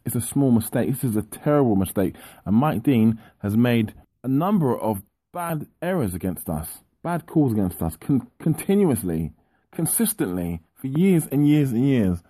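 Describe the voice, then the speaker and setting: Frustrated man ranting, dark lively voice. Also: medium pitch, breathy edge, no echo. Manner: frustrated, repetitive. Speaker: podcast pundit. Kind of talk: ranting monologue.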